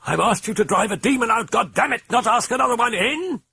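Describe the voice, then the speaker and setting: A man's voice: lively intonation, fairly quick, vocal fry, sharp tone, slightly rough, no echo, clean studio sound, heavily acted. A man shrieking as a hysterical, desperate mother. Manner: shrieking, high-strung.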